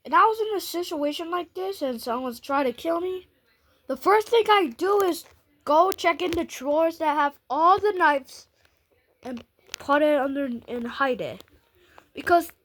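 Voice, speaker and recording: A woman casually reacting to a story video, chatty and excitable, rambling with slang. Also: sits high.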